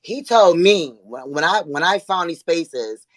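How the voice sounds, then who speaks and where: A woman from Buffalo, New York, calling in to a heated debate, talking in halting, rambling runs full of fillers. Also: lowish voice, lively intonation, no room sound. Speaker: caller.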